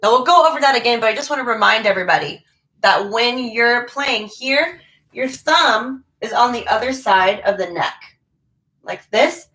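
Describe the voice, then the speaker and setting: A woman's voice: a little high, lively intonation, moderate pace, bright, forceful tone, rough recording. A woman teaching a violin lesson online, who is losing her voice, patiently calling out note names and finger numbers.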